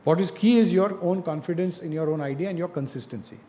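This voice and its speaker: A man's voice: fairly high pitch, quick pace, mellow. A man giving direct, coaching advice to students in an informal talk, often asking rhetorical questions. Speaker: industry speaker mentoring students.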